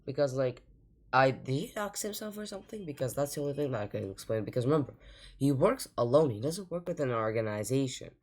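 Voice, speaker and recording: Low woman's voice, animated, exasperated reaction host, rambling casual talk. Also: fast talker.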